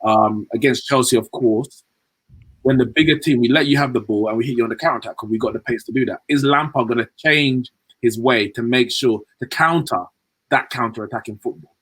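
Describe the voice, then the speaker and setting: A man giving animated, joking football opinions as a podcast co-host. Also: medium pitch, brisk, slightly rough, no echo, rough recording. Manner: animated, joking, uses fillers. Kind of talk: casual chat.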